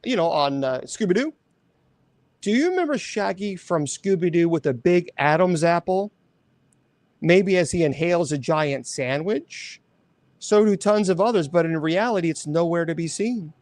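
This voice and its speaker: Male host, casual chat, rambling and animated, slightly high voice, dry close sound. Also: moderate pace, no echo. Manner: rambling, animated, self-correcting.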